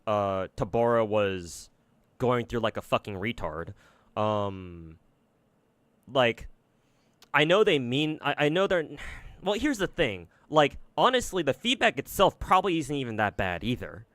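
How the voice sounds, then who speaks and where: A man's voice: medium pitch, sing-song, unhurried, fairly bright tone, dry recording. Guy ranting on his game stream, lots of cursing and ums, starts over a lot, dry close sound. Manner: rambling, profane, frequent fillers and restarts. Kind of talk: casual livestream commentary.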